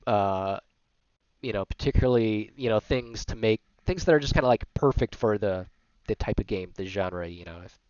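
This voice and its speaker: A man with a fairly low voice runs a tabletop game, rambling through the rules with fillers and restarts. The audio is dull and lo-fi, close and dry. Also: normal speed, a little mellow, smooth, no echo. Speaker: game master. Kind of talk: running a tabletop game, casual chat.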